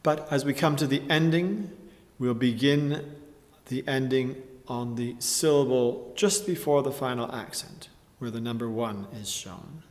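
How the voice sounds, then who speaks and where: A man teaching a chant tutorial, explaining slowly and carefully and often clearing his throat. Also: mid-range voice, in a large hall. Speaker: music teacher.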